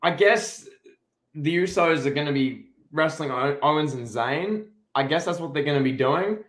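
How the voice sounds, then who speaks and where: A man's voice: fairly high pitch, moderate pace, fairly bright tone, roomy sound. A man co-hosting a podcast, giving opinionated, emphatic takes in casual chat about a wrestling show. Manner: opinionated, emphatic, many restarts. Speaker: podcast co-host.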